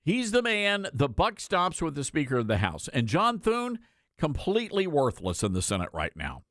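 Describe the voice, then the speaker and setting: Animated, sarcastic male talk host. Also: on the high side, normal speed, dry recording, clean studio sound. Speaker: radio talk show host. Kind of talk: political talk commentary.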